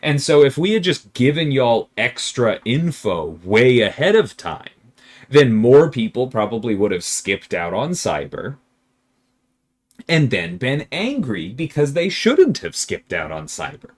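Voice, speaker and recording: A man's voice: medium pitch, unhurried. A man streaming a game and answering viewer questions in casual chat, emphatic and exasperated at times. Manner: animated, emphatic, exasperated rants with laughter; reads viewer questions aloud and answers them.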